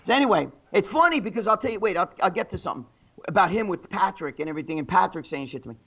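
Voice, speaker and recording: A man's voice: high-pitched, expressive, rapid-fire, gravelly, sharp tone, breathy edge, lo-fi sound. A man telling rambling, profane stories in casual chat, acting out the people he quotes. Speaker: show guest telling stories.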